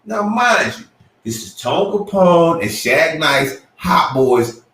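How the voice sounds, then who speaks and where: A man co-hosting a podcast, telling a story with lively acted-out quotes and sudden jumps in pitch. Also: slow, far from the mic. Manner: excitable, acts out quotes with big pitch jumps. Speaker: podcast co-host. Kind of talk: animated storytelling. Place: room at a live podcast show. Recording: roomy, from off the mic.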